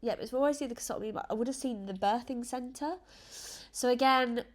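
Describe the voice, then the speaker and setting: A woman's voice: on the high side, quick pace. A woman vlogging in a casual, rambling, earnest chat to camera, emotional and close to tears at times.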